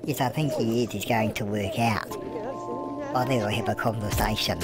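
A man's voice: lowish voice, fairly even intonation, moderate pace, natural voice. A man voicing a chatty elderly grandmother who comments on a life-sim game, cooing "love" at everyone and answering her own questions. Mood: gossipy. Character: chatty elderly British grandmother, fussing and cheeky. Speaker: gameplay commentator. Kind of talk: comic let's-play commentary in character. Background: background music.

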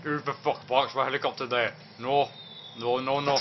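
A man's voice: medium pitch, little pitch movement, normal speed, natural voice. A man putting on a swearing drunk guy. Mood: drunken rambling. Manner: slurred, rambling, swearing. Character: rowdy drunk young man. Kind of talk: game voice-over role-play. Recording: muffled lo-fi with faint noise.

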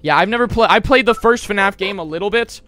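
A young man streaming a horror game live, chatting with his viewers and yelling whenever he gets scared. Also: high voice, fairly quick. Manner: loud, jumpy, yelling at scares, chatting to chat.

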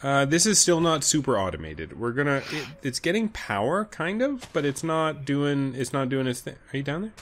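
A man's voice: mid-range voice, big pitch swings, moderate pace, few pauses, slight background noise. A man hosting a casual gaming video, playful and jokey, slipping into silly voices. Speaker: host.

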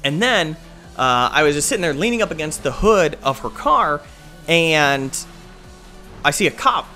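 A young gaming video host tells a rambling story while playing a game, laid-back and casual and full of "like" and "uh." His voice is on the high side, very animated, pushed, and bright, yet unhurried, with soft music in the background.

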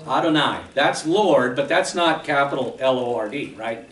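A man's voice: medium pitch, moderate pace, fairly bright tone, roomy sound, recorded from a distance, poor audio. A man preaching a sermon as a pastor, explaining patiently and often checking in with "okay?". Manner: explanatory teaching, frequent "okay?" check-ins. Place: church sanctuary.

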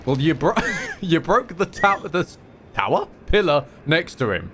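A man's voice: a little high, very animated, moderate pace, a bit bright, slight background noise. A young man joking and laughing while playing a co-op game, casual and a little crude. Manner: jokey, laughing, casual swearing. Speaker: streamer. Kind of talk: casual co-op gameplay chat.

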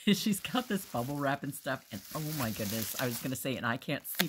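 A middle-aged woman, stuffy from allergies, chatting casually and gushing warmly while opening a gift at home. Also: a bass voice, very animated, moderate pace, a little hiss or hum. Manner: gushing, affectionate. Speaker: crafting vlogger. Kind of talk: casual unboxing chat.

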